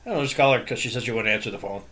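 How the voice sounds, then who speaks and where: A man's voice: medium pitch, racing, a crowd in the background. A man hosting a casual podcast, speaking in a dry, matter-of-fact way and steering the talk. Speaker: podcast host. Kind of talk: casual chat.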